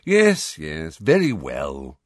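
A man's voice: mid-range voice, very animated, takes it slowly, fairly bright tone, no room sound, clean studio sound, voice pushed up, heavily acted. A man voicing a bored, theatrical old male wizard in a portrait, drawling in a reedy voice in a storybook reading. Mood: grudging.

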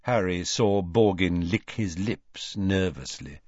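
Guy reading a fantasy novel aloud, lowish voice, slow and animated, kinda dull sound. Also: no echo. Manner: measured, expressive reading. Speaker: audiobook narrator. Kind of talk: scripted narration.

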